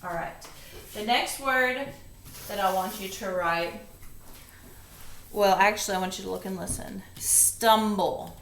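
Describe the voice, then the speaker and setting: A woman's voice: medium pitch, fairly bright tone. A woman reading tutor giving a step-by-step phonics lesson, patiently sounding out and spelling each word. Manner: patient, slow and deliberate, sounding out syllables. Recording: echoey room, distant mic, faint hiss.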